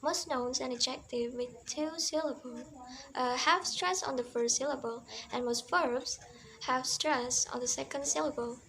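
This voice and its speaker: Brief: young female student presenter, high-ish voice, reads example words, faint noise. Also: measured pace, a bit bright, low-quality recording. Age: young adult. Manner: reads examples aloud one by one. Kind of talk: class presentation.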